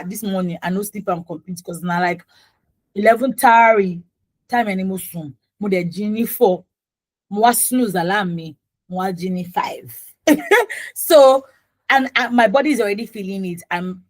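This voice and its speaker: A woman's voice: mid-range voice, no room sound. A young woman with a Nigerian accent hosting a casual radio health talk, chatty and slipping in Pidgin and Yoruba phrases. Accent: Nigerian, Yoruba-influenced. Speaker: radio show host. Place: radio studio.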